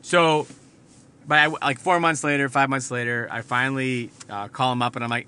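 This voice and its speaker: A man's voice: medium pitch, fairly even intonation, normal speed, bright, forceful tone, clear, resonant tone. A man hosting a podcast, telling a rambling, profane story from inside his car. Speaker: podcast host. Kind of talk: casual storytelling monologue.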